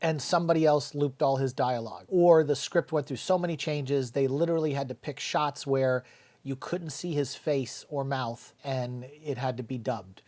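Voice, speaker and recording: A man's voice: medium pitch, moderate pace, darkish tone. A middle-aged man giving a blunt, casual spoken movie review, swearing freely and mocking the dialogue. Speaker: film reviewer.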